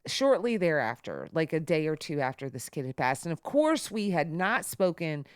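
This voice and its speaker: A woman with a fairly low voice telling stories on a podcast. Her pitch swings widely, and it leaps up whenever she acts out what someone else said. The recording is dry and close. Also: normal speed, clear, resonant tone, no echo. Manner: animated, jumps high when quoting others. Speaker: podcast co-host. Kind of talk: casual storytelling chat.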